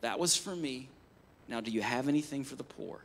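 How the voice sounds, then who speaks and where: Brief: a preacher quoting a humble old nun, quiet and calm. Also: male voice, mid-range voice, a little fast, pitched below the performer's own voice.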